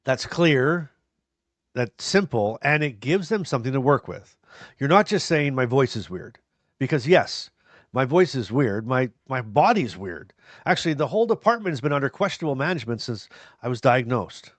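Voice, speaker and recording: Talking casually to his viewers, this podcast host is earnest and encouraging, mixing in a bit of self-deprecating humor. He has a mid-range, sing-song voice at a moderate pace, recorded with no echo.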